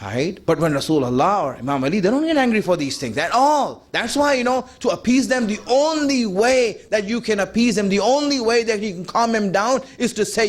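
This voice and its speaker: High-voiced and lively in intonation, this preacher talks a little fast with hardly any pauses. His sermon is emphatic and conversational, aimed directly at the audience, full of repeated points and rhetorical questions.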